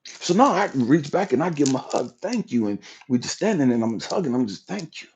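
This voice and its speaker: A man's voice: mid-range voice, big pitch swings, a little fast, darkish tone, slight background noise. A man hosting a livestream, telling an emotional personal testimony in a raw, profane storytelling manner. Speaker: livestream host.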